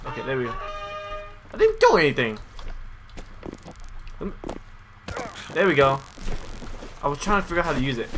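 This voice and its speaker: Excitable man doing game commentary. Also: background noise. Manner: excitable, yelps and jumps in pitch when surprised. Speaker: gaming channel host. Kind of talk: let's play commentary. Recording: music playing behind the voice.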